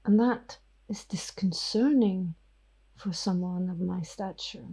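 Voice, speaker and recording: A woman voicing a cruel female vampire elder who taunts in a breathy, whispery voice. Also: lowish voice, slow pace, warm tone, full character voice, rough recording. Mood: menacing. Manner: silky and taunting.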